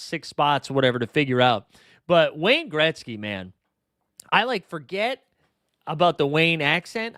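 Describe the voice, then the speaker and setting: Slightly high and fairly bright, this young man's clear, resonant voice carries a casual fantasy sports livestream. He rambles, curses and wanders off on tangents, recorded in the studio with no echo.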